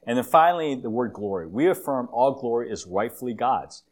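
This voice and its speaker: A man giving a conversational church sermon with slides, a self-described long-winded speaker who often fills pauses and restarts phrases. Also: mid-range voice, lively intonation. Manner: conversational, with frequent fillers and restarts. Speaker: guest preacher.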